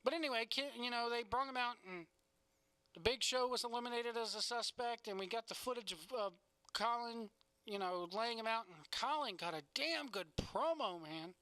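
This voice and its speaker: A man co-hosting a casual wrestling podcast rants bluntly and opinionatedly, swearing plenty. His very high voice is pushed and bright, clear and resonant with no echo, at normal speed.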